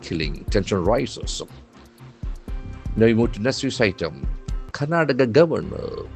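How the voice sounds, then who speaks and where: A lower-pitched Indian English man runs a newspaper vocabulary lesson, his voice rising and falling in wide swings. He spells words out letter by letter and says each one again slowly for learners to follow. Soft music plays faintly behind him. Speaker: English trainer.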